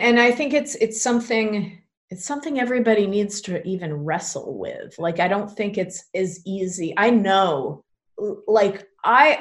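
Over a video call, a belly dance teacher chats casually with a podcast host, filling her talk with fillers and frequent laughter. Her voice sits at a medium pitch.

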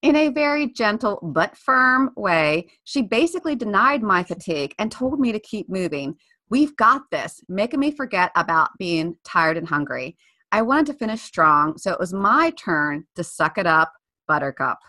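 Bright-voiced woman reading her blog. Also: mid-range voice, big pitch swings, normal speed. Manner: chatty, self-mocking. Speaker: podcast co-host. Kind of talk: reading her own blog post aloud.

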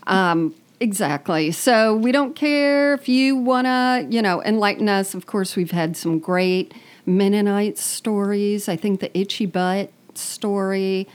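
A woman co-hosting a podcast, talking slowly and unhurriedly. Her tone is dry and deadpan, full of sarcastic teasing, in loose, casual banter. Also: mid-range voice, clean tone. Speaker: podcast co-host.

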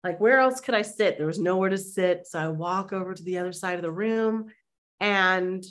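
A woman, a mindset and manifestation coach, telling a lively personal story as a podcast guest and acting out the people in it. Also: fairly low pitch, normal speed. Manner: animated, acts out quoted voices; conversational with fillers like "like". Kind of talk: anecdotal storytelling in an interview.

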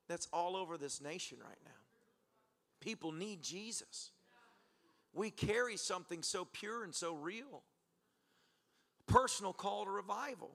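A man's voice: high voice, unhurried, long pauses. A male pastor preaching to a church congregation, telling stories with laughter and acting out conversations. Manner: animated, laughing storyteller who acts out exchanges. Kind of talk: sermon with storytelling. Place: church service.

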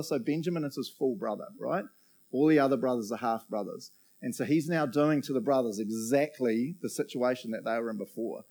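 Man preaching with animated storytelling. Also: mid-range voice. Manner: animated storytelling with frequent "right?" asides. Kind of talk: sermon, reading and explaining scripture.

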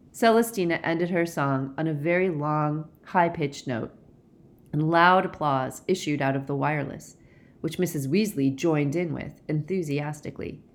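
A woman narrating an audiobook in a steady, clear storytelling manner. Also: sits low, moderate pace.

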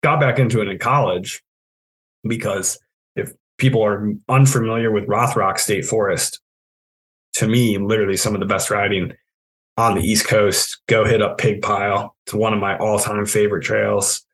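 This trail project manager, a thirtyish man from New England, is a podcast guest telling easygoing, self-mocking stories with plenty of laughter. His fairly low, fairly bright voice holds a steady tone at a moderate pace, though the recording is rough.

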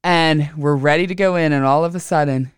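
A woman hosting an astrology podcast from home, telling a personal story casually and animatedly, acting out other people's lines with big jumps in pitch. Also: a little fast, clear, resonant tone, no echo, clean studio sound.

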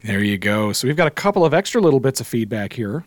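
A man's voice: mid-range voice, big pitch swings, fast, no room sound. A man from Canada with a Canadian accent, hosting a podcast in casual, self-deprecating chat. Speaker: podcast host.

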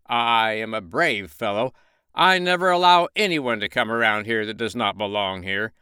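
A man voicing a boastful, strutting male rooster in a storybook reading, bragging loudly and pompously. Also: lowish voice, moderate pace, clean tone, no echo, clean studio sound.

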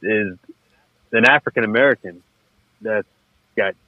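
Man, Cajun accent, laid-back rambling talk, low voice, thin phone-line sound. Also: measured pace, no room sound. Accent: Cajun Louisiana. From Louisiana. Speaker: podcast guest. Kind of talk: casual chat. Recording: tinny phone-like line, dry.

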